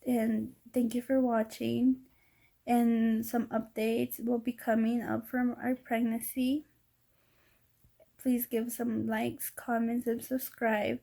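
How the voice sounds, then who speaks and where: A woman vlogger recounts a personal story with deep feeling, teary at the edges. Her voice is gravelly and mellow, and it moves in a narrow, even pitch band. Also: slow. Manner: emotional, heartfelt retelling.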